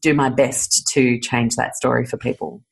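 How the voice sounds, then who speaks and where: Low-voiced chatty Australian woman. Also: moderate pace, vocal fry, rough recording. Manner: animated, laughs often, chatty with many fillers. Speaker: author guest. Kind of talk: casual podcast interview.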